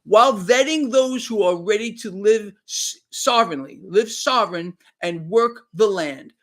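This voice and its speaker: Man, live-stream commentator, high pitched, fervent, repetitive, emphatic. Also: lively intonation, unhurried, fairly bright tone. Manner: fervent and emphatic, repeating himself. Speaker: online commentator.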